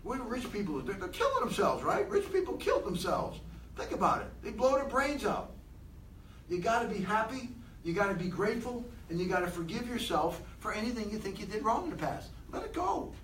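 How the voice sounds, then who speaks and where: A man giving an animated motivational talk to a room of people, asking them many questions. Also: high voice, brisk, echoey room, recorded from a distance, a little hiss or hum, rough recording. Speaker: motivational speaker.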